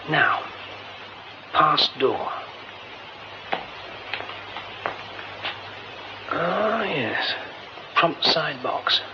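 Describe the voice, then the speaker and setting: An excitable theatre director, high lively voice, muffled hissing radio play. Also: male voice, exaggerated voice. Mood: musing. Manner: muttering to himself, then panicked. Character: flustered young male theatre director. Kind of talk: radio drama acting.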